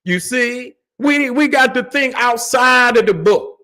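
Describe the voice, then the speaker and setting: A man's voice: extremely high pitch, a little slow, bright, forceful tone. A man hosting his own channel, giving a profane, casual, preachy rant with fiery repetition. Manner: fiery, preachy, swears freely, repeats words. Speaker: channel host.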